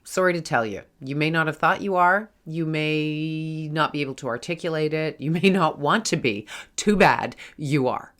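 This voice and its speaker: A middle-aged woman with a low voice talks straight to her viewers in a spiritual vlog. She sounds earnest and reassuring and keeps calling them her friends. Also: normal speed, hardly any pauses, a bit bright. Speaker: spiritual vlogger. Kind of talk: casual spiritual talk to camera.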